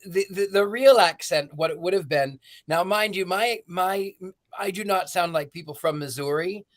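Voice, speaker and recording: Thoughtful woman, halting speech. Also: on the low side. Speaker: podcast co-host. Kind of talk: casual film discussion chat.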